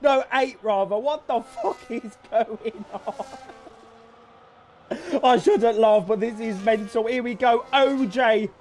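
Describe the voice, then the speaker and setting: Excitable high-voiced man calling a race. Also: unhurried, hardly any pauses, a little hiss or hum. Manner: excitable, swearing, laughing in disbelief. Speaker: race commentator. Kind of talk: live sim racing commentary.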